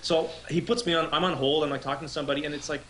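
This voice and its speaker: A man's voice: fairly high pitch, steady tone, rapid-fire, a bit bright, rough recording. Male co-host, casual stream chatter, rambling anecdotes, salty language, faint background hum. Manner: rambling storyteller, swears freely. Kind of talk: casual live-stream chat.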